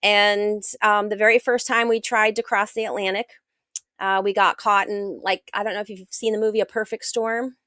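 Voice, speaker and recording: Animated American woman telling her story. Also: mid-range voice, moderate pace, no echo. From United States. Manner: animated, acts out quoted dialogue. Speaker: guest author and world sailor. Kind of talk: casual interview storytelling.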